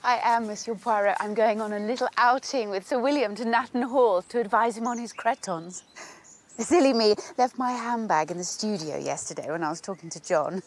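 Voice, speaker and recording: An actress playing a flighty doctor's wife who chatters in an airy, scatterbrained way. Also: female voice, medium pitch, moderate pace, natural voice.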